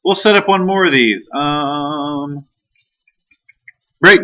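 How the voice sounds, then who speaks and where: A man's voice: on the high side, takes it slowly, bright, forceful tone. A male math teacher leading a classroom lesson, talking casually and teasing his students. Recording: dull lo-fi classroom recording.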